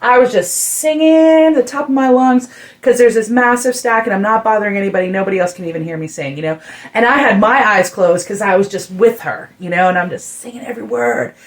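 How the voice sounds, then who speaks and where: Excitable storytelling woman on a podcast. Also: mid-range voice, fairly quick. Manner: animated storyteller, many "like" fillers, rising excitement. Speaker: guest musician telling a story. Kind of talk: casual podcast chat.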